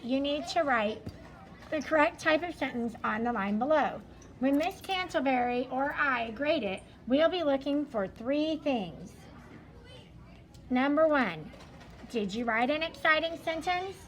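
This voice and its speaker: A woman with a high voice, an elementary school teacher reviewing a study guide for her class. She walks through each answer patiently and step by step. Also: rough recording.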